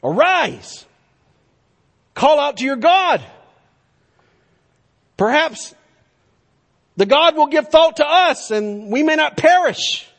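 A man's voice: extremely high pitch, sing-song, takes it slowly, pauses often, fairly bright tone, long reverb tail, pitched above the performer's own voice, exaggerated voice. A man voicing an alarmed pagan ship captain, pleading urgently with a raised voice.

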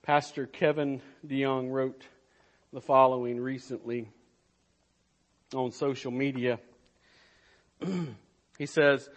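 A man preaching a sermon to his church, slow and emphatic, swelling and dropping in loudness. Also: mid-range voice, little pitch movement. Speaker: pastor.

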